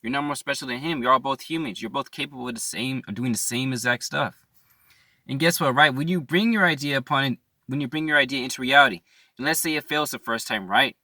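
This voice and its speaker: A man's voice: mid-range voice, fairly quick, bright, forceful tone, no echo. A young man giving a casual motivational talk, earnest and slangy, repeating his points and asking "right?" as he goes. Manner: slangy, calls listeners "bro". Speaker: motivational YouTuber.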